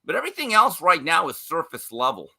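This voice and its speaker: A man's voice: on the high side, huge pitch swings, a little fast, gravelly, pushed and bright, slightly rough. A man speaking as a guest sports commentator on a talk show, opinionated and emphatic, mocking others in casual chat.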